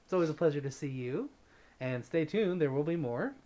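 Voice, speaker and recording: A man's voice: a little high, lively intonation, a little fast, mellow. An upbeat man hosting a casual livestream, chatting easily and reading out viewer comments. He greets viewers by name and keeps the tone light and friendly. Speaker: livestream host.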